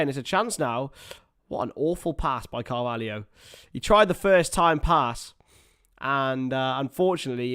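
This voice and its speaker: A young man giving chatty live play-by-play of a football match for his stream viewers, with asides to them. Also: fairly high pitch. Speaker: livestream watchalong commentator. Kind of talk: live football watchalong commentary.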